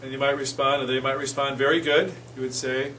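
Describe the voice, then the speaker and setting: A man teaching phrases to a class in a relaxed, chatty way, often correcting himself as he goes. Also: medium pitch, fairly quick. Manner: casual, self-correcting, repeats phrases for the class. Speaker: church Spanish class teacher. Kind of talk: informal classroom lesson. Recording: distant mic with faint room noise.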